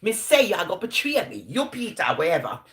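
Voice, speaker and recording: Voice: mid-range voice, big pitch swings, fast, a bit bright, roomy sound. A Jamaican-accented preacher voicing Jesus as a stern grown man who bluntly accuses his disciples. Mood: scolding. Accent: Jamaican patois.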